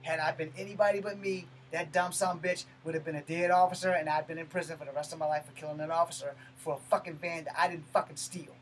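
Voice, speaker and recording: A man telling a personal story in a blunt, profane, animated way, breaking off and restarting mid-sentence. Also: a little high, fast talker, few pauses, slight background noise, low-quality recording. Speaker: martial arts channel host. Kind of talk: personal story told to camera.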